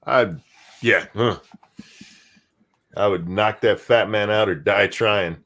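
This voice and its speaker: A man's voice: fairly low pitch, slow pace, fairly bright tone. A man hosting a casual talk show, blunt and joking. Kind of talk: casual chat.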